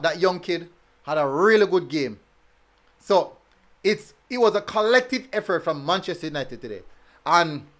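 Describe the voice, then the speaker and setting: A man's voice: sits high, a bit bright. A man hosting a casual football review stream, reading chat comments and talking in a chatty way, full of fillers and repeated phrases.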